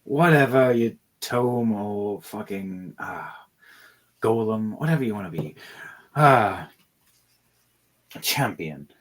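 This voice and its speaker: A man voicing a dismissive male were-demon who answers in a slow, offhand way. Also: lowish voice, animated.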